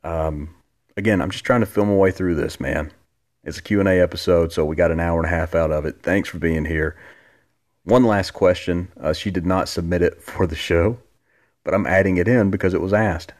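Deep-voiced male podcast host in his forties, laid-back storyteller who swears freely. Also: steady tone, fairly quick, darkish tone. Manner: laid-back, rambling, profanity, jumps up high quoting others. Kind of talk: casual storytelling.

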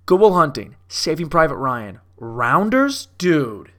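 A man's voice: on the high side, big pitch swings, slow pace, a bit bright. A young man riffing casually on movies, profane and self-mocking, like a comic doing a bit. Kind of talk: casual rambling commentary.

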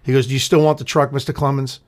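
A man's voice: medium pitch, little pitch movement, fast. A man, co-hosting a podcast, telling a story in a loose, profane way and acting out what people said. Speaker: podcast co-host. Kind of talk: casual storytelling chat.

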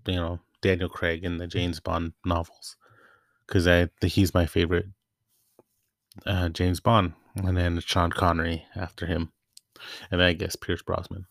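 A man's voice: sits low, flat delivery, a little slow, dry recording, clean studio sound. A young man hosting a casual solo podcast, chatty and rambling, often stopping to restart his thoughts. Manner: rambling, self-interrupting, chatty. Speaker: podcast host.

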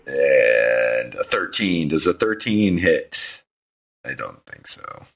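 A man's voice: a bass voice, sing-song, slow, fairly bright tone. A man running a tabletop game as game master, narrating the action in an easygoing way. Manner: easygoing, descriptive, laughs often.

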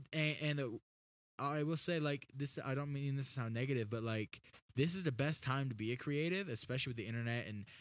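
A man's voice: medium pitch, a bit bright, dry recording. A young man hosting a podcast in casual chat, rambling and self-deprecating. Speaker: podcast host.

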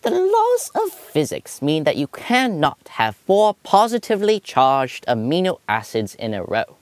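A man's voice: on the high side, wildly swooping pitch, measured pace, no room sound, voice pushed up. A man voicing a male scientist in a put-on British accent, delivering a quoted statement in a stiff, exaggerated way. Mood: earnest.

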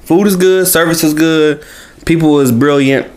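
A man's voice: fairly high pitch, moderate pace. A man co-hosting a podcast in casual chat, laid-back and slangy, often repeating phrases. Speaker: podcast co-host.

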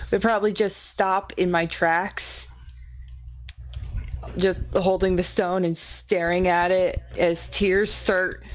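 A woman's voice: lowish voice, slight background noise, poor audio. A woman playing a tabletop game, thinking aloud hesitantly in casual talk. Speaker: player. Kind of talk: casual tabletop role-play.

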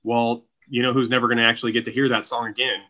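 A man's voice: medium pitch, flat delivery, fast talker, pushed and bright, lo-fi sound. A man from Oregon co-hosting a comedy podcast, joking, teasing and telling stories in a casual chat. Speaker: podcast co-host.

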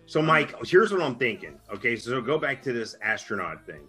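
A man's voice: medium pitch, very animated, normal speed, sharp tone, slightly rough, faint music behind. A middle-aged man casually telling a funny story on a podcast, laughing as he goes. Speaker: podcast co-host.

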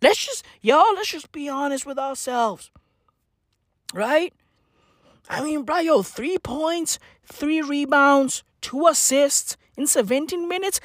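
A woman's voice: sits high, slow pace, no room sound, studio quality. A woman giving a mocking, profane sports rant, laughing often and repeating herself in exasperation. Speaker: sports commentator.

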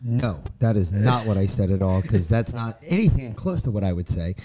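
Dark-voiced man, blunt and joking. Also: lowish voice, lively intonation, moderate pace. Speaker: podcast co-host. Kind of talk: casual chat.

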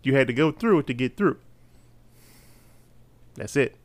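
A man co-hosting a casual podcast in a slangy, teasing, unhurried way. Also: mid-range voice, expressive. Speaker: podcast co-host.

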